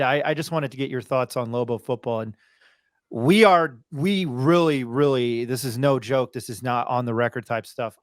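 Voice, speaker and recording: In a dry, studio-quality recording, a medium-pitched man hosts a sports podcast. His talk is loose and rambling, full of restarts and fillers, and he rattles off game scores.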